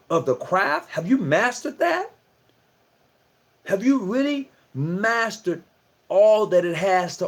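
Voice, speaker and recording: A man giving a casual talk to fellow lodge members, repeating himself and asking rhetorical questions. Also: a little high. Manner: conversational and preachy, repeats phrases, asks rhetorical questions. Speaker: lodge speaker addressing fellow Masons. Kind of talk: casual lecture, livestream talk.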